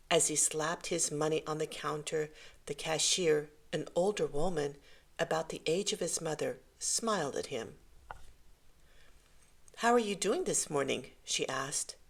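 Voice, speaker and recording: A woman reading a short story aloud in a gentle, measured way. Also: low-pitched. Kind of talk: scripted story narration.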